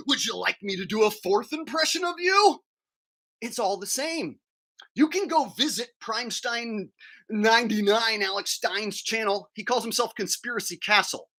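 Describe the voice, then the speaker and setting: A man's voice: high voice, animated, moderate pace, sharp tone. A man ranting crudely and combatively on a livestream, talking while eating. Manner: talks while chewing food. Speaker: streamer. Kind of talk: profane livestream rant.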